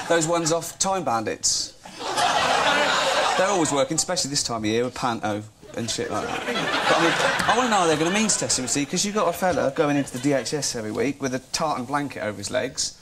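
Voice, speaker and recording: An Englishman rambles through deadpan comedy chat in an offhand way and often laughs at his own jokes. His voice sits at a middling pitch, and the recording carries a clear layer of noise. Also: a little fast. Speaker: comic guest. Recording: noisy studio recording.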